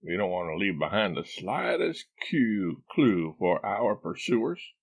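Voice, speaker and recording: A man's voice: lowish voice, big pitch swings, a little slow, vocal fry, full character voice. A man voicing a boastful, bumbling man who puts on a Southern US drawl and talks in a pompous, chiding, folksy way. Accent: put-on Southern US drawl. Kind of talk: audiobook character voice.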